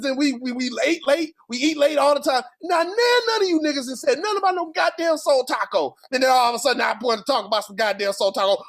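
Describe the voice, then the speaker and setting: A man with a St. co-hosting a casual wrestling podcast, ranting loudly and profanely for comic effect. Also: very high-pitched. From St. Louis area. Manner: loud profane comedic ranting. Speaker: podcast co-host.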